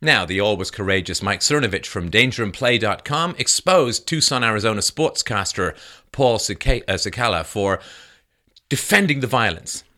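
A man's voice: on the low side, expressive, normal speed, sharp tone. A man delivering an emphatic, sarcastic political commentary monologue.

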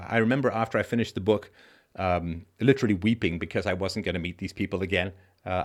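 In a live-stream Q&A, a male host with a low, expressive, trained voice answers viewer comments. His manner is conversational, broken up by halting restarts.

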